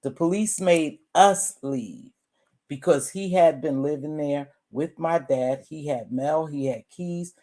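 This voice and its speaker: A woman in her sixties telling a family story in a casual, animated way, often calling her listeners "baby" and "y'all.". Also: sits low, slow pace. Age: 60s. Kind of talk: casual storytelling to a live audience.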